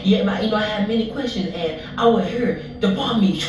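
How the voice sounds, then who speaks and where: Someone with a mid-range voice recounts a vivid dream haltingly, full of restarts and fillers. It's heard as a played-back recording that sounds echoey and distant, with music behind it.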